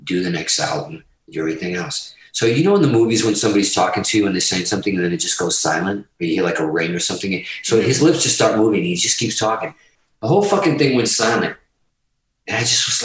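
Profane storytelling man in an echoey room. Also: fairly low pitch. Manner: profane, animated, laughs through stories. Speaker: podcast guest, guitarist. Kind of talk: storytelling in casual chat. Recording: very echoey room, far from mic.

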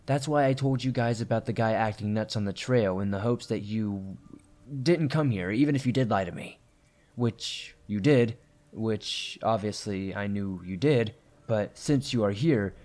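A man voicing a gruff, grieving middle-aged hunter who speaks curtly through clenched teeth. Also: lowish voice, normal speed, darkish tone, natural voice. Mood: stern.

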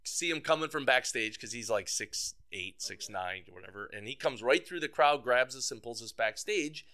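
A man's voice: mid-range voice, lively intonation, moderate pace, pushed and bright. A man as an interview guest, telling a casual, rambling story with lots of fillers and frequent laughs. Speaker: guest, band's tour manager.

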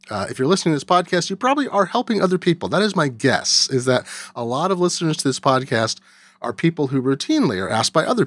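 A man's voice: mid-range voice, a bit bright, dry recording. A man in his forties hosting a podcast, talking conversationally with frequent "uh" and "um". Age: 40s. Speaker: podcast host. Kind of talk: casual chat.

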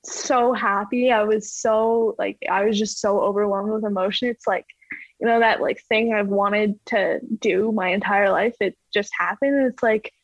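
A woman talking casually as an interview guest, full of fillers like "like" and acting out her own quotes in a higher voice. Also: steady tone, normal speed, no echo, muffled recording. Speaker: guest athlete.

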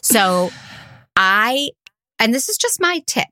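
A woman co-hosting a podcast in casual chat, animated and playful, quick to laugh. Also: on the high side, dry recording, clean studio sound. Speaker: podcast co-host.

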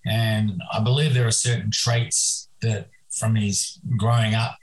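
Older man, sixties, low-ish voice, rambling guest with frequent restarts. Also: level tone, poor audio. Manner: rambling, reminiscent, halting with many restarts. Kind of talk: remote podcast interview.

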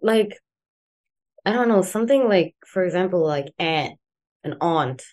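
A young woman from South Africa with a softened South African accent, chatting casually as an interview guest, rambling with many fillers. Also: medium pitch, normal speed. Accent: South African, softened toward American. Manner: relaxed, rambling, many "like" fillers, laughs easily. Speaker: guest, musician.

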